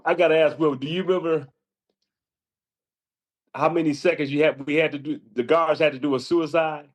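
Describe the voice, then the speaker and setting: An older man, a former college basketball player, telling stories on a call with lively jumps in pitch and frequent laughs. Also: a little fast. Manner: lively, jumps high when quoting himself, laughs often. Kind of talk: casual storytelling on a call. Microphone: remote call.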